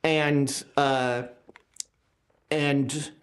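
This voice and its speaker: A game master narrating a tabletop horror game, pausing often with filler words. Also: mid-range voice, flat delivery. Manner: hesitant, many filler words.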